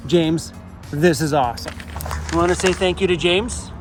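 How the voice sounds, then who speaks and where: Opening packages in a park beside a parking lot, a van life vlogger keeps up cheerful, casual chatter and laughs a lot. He speaks at normal speed in a voice on the high side, and faint music plays in the background.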